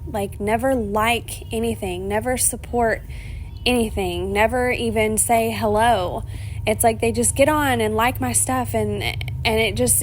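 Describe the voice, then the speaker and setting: A woman's voice: fairly high pitch, slight background noise. A woman hosting her own solo podcast, rambling in a chatty, emotional way, laughing often and swearing casually. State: emotional, near tears. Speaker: podcast host.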